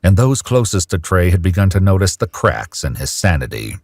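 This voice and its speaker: A male narrator with an extremely deep voice reads scripted documentary lines in a grave, measured way. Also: big pitch swings, darkish tone, a little hiss or hum.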